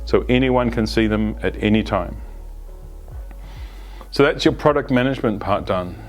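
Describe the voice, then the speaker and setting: A man's voice: fairly low pitch, normal speed, soft background music. A man gives an unscripted, conversational explanation as an agile coach, often restarting phrases and adding asides. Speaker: agile coach presenting a video series. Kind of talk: unscripted instructional talk.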